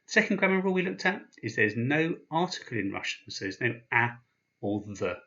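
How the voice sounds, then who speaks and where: Lively man teaching, bright tone. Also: mid-range voice, normal speed, muffled recording. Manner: patient, spells out each sound. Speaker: language teacher. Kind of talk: explaining slowly, with pauses.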